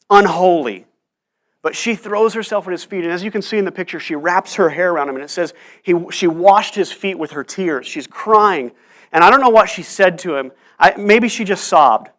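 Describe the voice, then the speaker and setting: A pastor giving a conversational sermon in church, often restarting and repeating words. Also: male voice, high-pitched, a bit bright.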